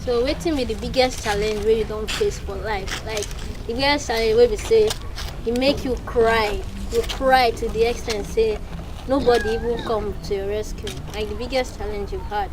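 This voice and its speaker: A woman with a Nigerian accent interviewing someone, switching between English and Pidgin and gently coaxing her to relax. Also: fairly high pitch, steady tone, normal speed, noisy background. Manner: coaxing, encouraging.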